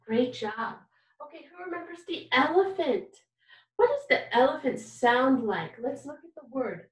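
A woman's voice: high voice, animated, measured pace, reverberant, recorded from a distance, rough recording. A woman teaching a kindergarten music lesson, patient and encouraging, asking children questions and singing examples. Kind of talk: recorded online music lesson for young children.

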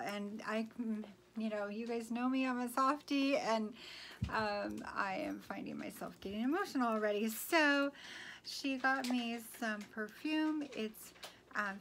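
A woman's voice: medium pitch, slight background noise. A woman vlogger chatting casually to her viewers, gushing and full of "um"s. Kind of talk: casual haul chat.

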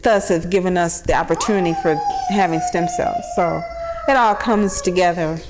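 A woman's voice: lowish voice, big pitch swings, normal speed, heavy background noise. A woman, mother of a young patient, telling her story in a casual, chatty way with many fillers and quoted dialogue. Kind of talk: casual personal account.

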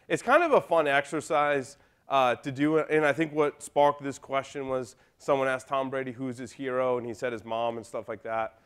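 A man's voice: mid-range voice, fairly bright tone, clear, resonant tone. A man giving a conference talk, telling a story in a casual, joking way and talking straight to the audience. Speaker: conference speaker. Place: conference hall.

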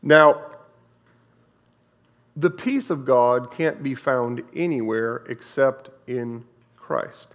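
A man's voice: mid-range voice, drawn-out words, long pauses. Man, pastor, sermon, mid-range voice, earnest repetitive preaching, church sanctuary, slightly muffled recording.

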